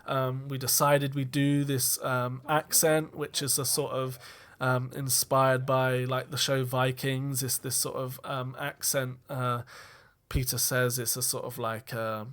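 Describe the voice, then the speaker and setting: Guy chatting through a film commentary, lots of ums, mid-pitched voice. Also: level tone, unhurried, a bit bright. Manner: rambling, with frequent ums and self-corrections. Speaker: film director giving commentary. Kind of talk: casual audio commentary.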